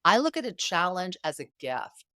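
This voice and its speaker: A woman's voice: on the low side, moderate pace, no room sound, clean studio sound. A middle-aged woman, a guest in an interview, telling stories with emphasis and acting out the quoted dialogue. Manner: animated, emphatic storyteller who acts out quoted dialogue. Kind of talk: conversational interview.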